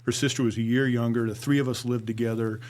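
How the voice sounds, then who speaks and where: A middle-aged man, a former police officer, telling his story to a podcast host, acting out dialogue and sinking low and quiet at grave moments. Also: steady tone, fast. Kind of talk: conversational storytelling.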